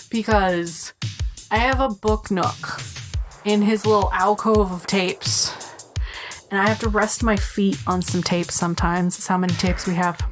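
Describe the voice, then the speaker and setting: A woman co-hosting a casual movie podcast from her home, animated and quick to swear, often jumping into high-pitched quote voices. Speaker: podcast co-host. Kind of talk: casual chat. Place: home apartment.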